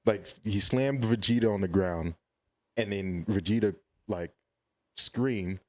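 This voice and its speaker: A man guest on a podcast, chatting casually and telling animated stories that often quote his own reactions. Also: on the low side, slow pace. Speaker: podcast guest, content creator. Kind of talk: casual chat.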